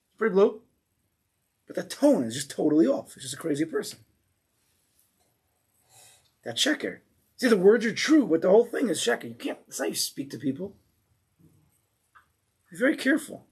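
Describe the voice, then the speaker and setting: Teacher, male, husky voice, slightly high, lively informal Torah class delivery. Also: a little fast, pauses often. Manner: animated, mimics angry people in raised voice.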